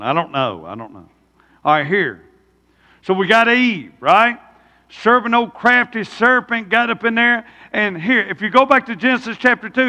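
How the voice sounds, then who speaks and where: Casual: preacher guy, high bright voice, keeps asking the crowd questions, big church echo. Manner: folksy, rhetorical questions to the congregation. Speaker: pastor. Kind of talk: sermon. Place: church sanctuary. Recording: long church reverb.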